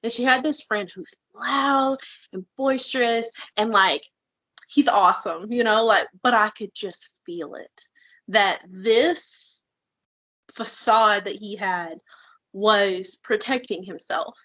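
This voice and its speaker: A woman's voice: medium pitch, takes it slowly, sharp tone, no echo, highs cut off. A woman co-hosting a podcast, talking bluntly and heatedly in casual chat, with frequent swearing. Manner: blunt, fired-up, swears freely. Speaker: podcast co-host.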